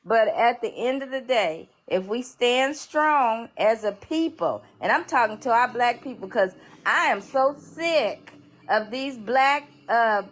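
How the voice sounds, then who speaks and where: A woman's voice: on the high side, expressive, slow pace. A woman speaking as a guest on a livestream, emphatic and scolding. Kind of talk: impassioned casual talk.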